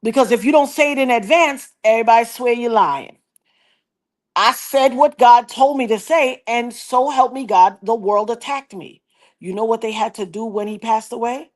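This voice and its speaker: Her voice sits fairly high and her pace is moderate; she's a woman in her fifties retelling a personal story on a casual livestream. Lively and theatrical, she imitates the people she quotes, then preaches about prophecy and God.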